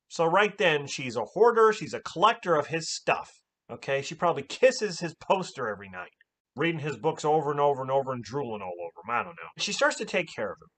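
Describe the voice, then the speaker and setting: Man, casual movie recap, animated and exclaiming, swears a lot, very lively pitch. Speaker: movie reviewer.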